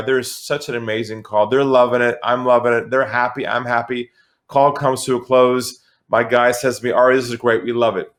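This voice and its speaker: A middle-aged man from San Diego telling a story as an interview guest, acting out the voices of the people in it. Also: medium pitch. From San Diego, California. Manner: animated storyteller, acts out voices. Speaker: guest, sales expert.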